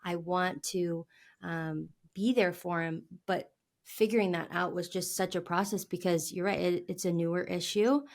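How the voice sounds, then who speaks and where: A woman's voice: lowish voice, fairly even intonation, moderate pace, vocal fry. A woman as a podcast guest, talking earnestly about her marriage and dropping small laughs into her speech. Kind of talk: earnest interview conversation.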